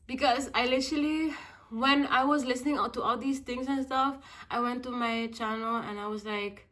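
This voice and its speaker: A woman's voice: a little high, steady tone, normal speed, fairly bright tone. A young woman giving a casual motivational vlog talk, rambling, repeating herself and swearing freely. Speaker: vlogger.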